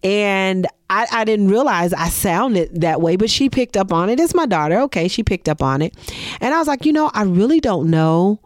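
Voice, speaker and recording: Middle-aged woman, personal storytelling, expressive, acts out dialogue, dry close sound. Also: medium pitch, moderate pace, dry recording. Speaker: business owner sharing a story.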